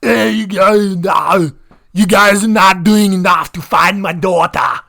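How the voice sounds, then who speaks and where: A man putting on a loud, hammy Austrian accent for a middle-aged man, in a parody impression. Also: high-pitched, fairly even intonation, unhurried, creaky, pitched above the performer's own voice, full character voice. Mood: gruff indignant. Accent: put-on Austrian. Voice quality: exaggerated, loud.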